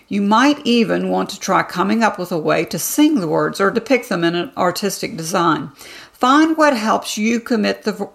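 A woman hosting a devotional podcast, giving a scripted teaching in a calm, measured reading with deliberate emphasis. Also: mid-range voice, creaky.

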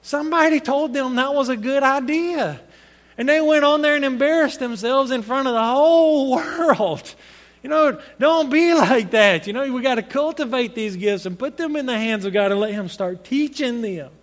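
A man's voice: very high-pitched, normal speed, in a large hall. A man preaching a sermon, speaking in an earnest, conversational storytelling way with frequent restarts.

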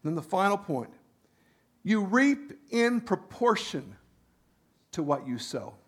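A male pastor preaching a sermon in an animated way, swinging from loud emphasis to quiet asides with frequent restarts. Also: high-pitched, slow pace, breathy edge.

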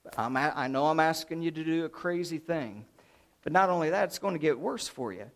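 A man preaching a sermon, voicing God as a calm, commanding male voice that speaks low and steady. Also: a little fast, lightly acted. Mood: reassuring.

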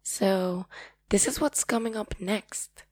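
A woman's voice: medium pitch, takes it slowly, heavy background noise. A Spanish-speaking woman from Paraguay with a Paraguayan accent, hosting a podcast and talking to listeners in a rambling, earnest, effusive way. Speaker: podcast host. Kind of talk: casual solo talk.

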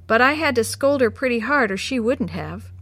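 A woman voicing a bossy little girl who gives scolding advice, pitch raised, in a storybook reading. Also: lively intonation, normal speed, a bit bright, dry recording.

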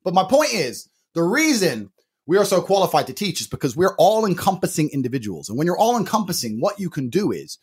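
Husky, lively boastful podcast man. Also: sits high, brisk. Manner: brash, bragging, swearing, hyped. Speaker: podcast co-host. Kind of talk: casual boastful podcast banter.

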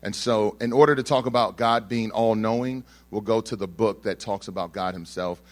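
Man, from Texas, sermon, chatty and wry storytelling, deep-ish voice, dead dry sound. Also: normal speed, dry recording. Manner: conversational, humorous storytelling with frequent fillers. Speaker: speaker giving a testimony sermon.

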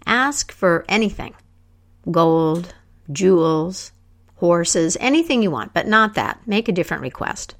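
Woman doing a chill wise old king, low-ish voice, kinda measured. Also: animated. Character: calm wise king, middle-aged man.

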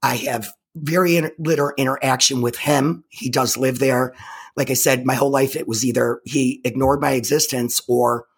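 A woman speaks as an interview guest, telling her own story with emphatic intensity. Her voice is gravelly and husky. She keeps repeating words and starting her sentences over. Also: extremely low pitch, steady tone. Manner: halting, with frequent repeated restarts. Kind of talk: personal storytelling in conversation.

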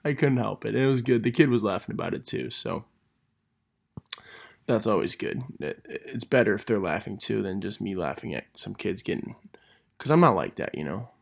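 A man's voice: on the low side, creaky, husky. A young man, a gym teacher, telling funny stories in a casual monologue, laughing through them and correcting himself as he goes. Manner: laughs through his stories, animated, quick self-corrections.

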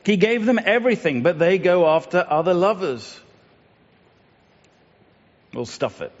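A man's voice: sits high, sing-song, measured pace, pauses often. A middle-aged man giving a reflective morning devotion, in a conversational, musing way with many fillers and restarts. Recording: dull lo-fi sound, long reverb.

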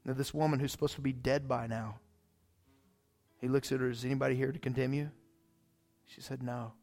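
A man's voice: medium pitch, moderate pace, pauses often, faint music behind. A male pastor preaching a sermon in a casual, fired-up way, often saying "man".

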